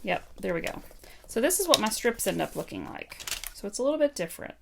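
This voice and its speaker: Gravelly woman chatting through a craft demo. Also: mid-range voice, sing-song, fast, heavy background noise. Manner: chatty, thinking aloud with many ums. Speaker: card-making demonstrator. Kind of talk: casual live craft tutorial.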